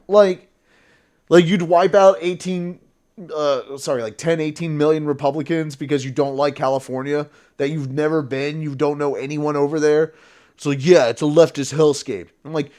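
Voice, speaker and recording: High-voiced man ranting, profane. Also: moderate pace, a little mellow. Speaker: streamer. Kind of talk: political reaction stream, ranting.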